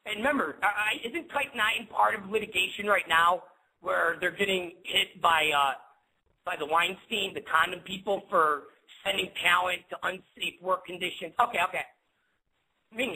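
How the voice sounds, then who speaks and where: High, tense, husky-voiced man ranting. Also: moderate pace, bright, forceful tone, poor audio. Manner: rambling, repetitive, swears often, stumbles over words. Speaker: webcast host. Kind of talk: casual profane rant.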